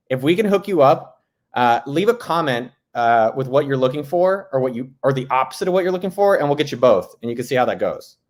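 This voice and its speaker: A man hosting a casual live stream from home, joking loosely and greeting viewers by name. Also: mid-range voice. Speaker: host. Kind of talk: casual livestream chat.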